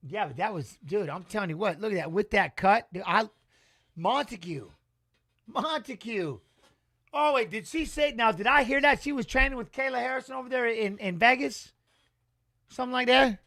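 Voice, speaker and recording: A man's voice: high voice, fairly quick, hardly any pauses, bright, forceful tone. A middle-aged man giving casual live fight commentary in a rambling, emotional, salty way. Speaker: watch-along commentator.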